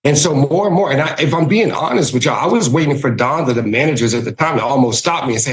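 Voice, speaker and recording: A man with a Southern US accent telling lively stories about hosting guests, often acting out what people said. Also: mid-range voice, quick pace, hardly any pauses, low-quality recording. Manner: animated, acts out voices in his stories. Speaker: guest, winery hospitality director. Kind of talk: storytelling in casual podcast chat.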